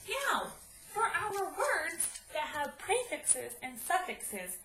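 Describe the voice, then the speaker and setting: Bright high-voiced woman teaching spelling. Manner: slow, clear, instructive, sounding out syllables. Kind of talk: spelling lesson for children. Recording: echoey room, faint noise.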